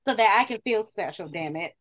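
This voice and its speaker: A woman's voice: medium pitch, animated, brisk. A woman co-hosting a podcast, chatting casually in a blunt, profane, emphatic way. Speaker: podcast co-host. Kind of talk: casual chat.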